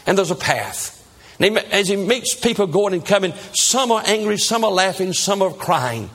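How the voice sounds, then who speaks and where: A man's voice: high-pitched, normal speed. A male preacher telling a Bible story dramatically and acting out the characters. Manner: animated, acts out the characters.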